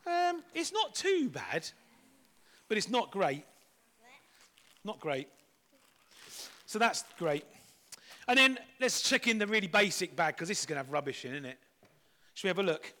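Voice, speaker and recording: Upbeat middle-aged man, high bright voice, jokey children's talk leader. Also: very animated, unhurried, long pauses. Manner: playful, chatty, jokey.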